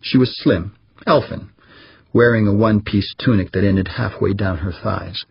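A man with a husky voice reading a story aloud as narrator, giving the characters slightly different voices. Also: fairly low pitch, normal speed, dry recording, muffled recording. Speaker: audiobook narrator. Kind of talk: scripted narration.

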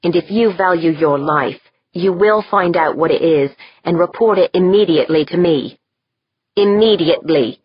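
A woman's voice: fairly low pitch, normal speed, husky, dry recording, lo-fi sound. A woman voicing a curt, commanding woman leader. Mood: demanding. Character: imperious demanding woman commander.

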